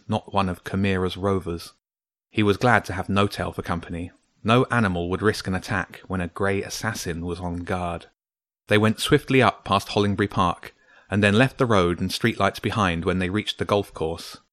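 Low-voiced man reading a story. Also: no echo. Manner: measured, steady reading. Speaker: narrator. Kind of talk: scripted storybook narration.

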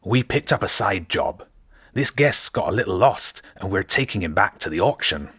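A smooth, self-assured rat who talks his way past anyone, put on by a male narrator. He speaks in a persuasive, easy manner, a touch higher than the reader's own low voice. The sound is close and dry. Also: expressive, normal speed, a bit bright, dry recording. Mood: scheming. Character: smooth confident male rat mercenary leader.

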